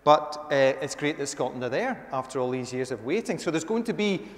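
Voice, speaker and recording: A man's voice: fairly high pitch, expressive, fairly quick. A man, a minister giving a conversational sermon with emphatic rises. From Northern Ireland. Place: church. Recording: echoey church hall.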